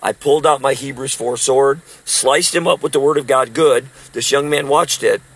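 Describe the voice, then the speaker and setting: A man's voice: medium pitch, normal speed, breathy edge, poor audio. A man in his sixties, a street preacher, telling emphatic stories about preaching in a casual talk. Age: 60s. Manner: emphatic, storytelling.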